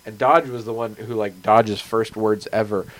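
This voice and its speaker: A man who is a game master and podcast host chats casually about his game and his week, rambling with frequent fillers. His voice is fairly low and bright in tone, with fairly even intonation and a moderate pace, but the audio is poor.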